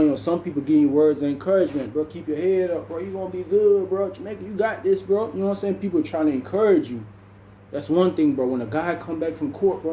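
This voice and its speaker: Young guy telling a story, says bro nonstop, kinda high voice, little room noise. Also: warm tone, roomy sound. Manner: laid-back, says "bro" constantly, acts out other people's lines. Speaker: vlogger. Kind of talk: casual storytelling to camera.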